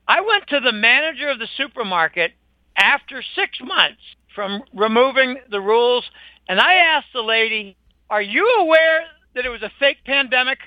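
High-voiced, indignant older man. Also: no echo. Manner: emphatic, indignant, scornful. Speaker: interview guest. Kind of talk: opinionated conversational monologue. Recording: dull lo-fi dry recording.

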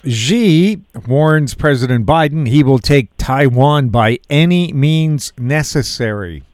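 A man's voice: medium pitch, animated, takes it slowly, a little mellow, no room sound. Dry-recorded male radio host reading headlines. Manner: reads headlines, then adds dry quips. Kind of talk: reading news items and chatting.

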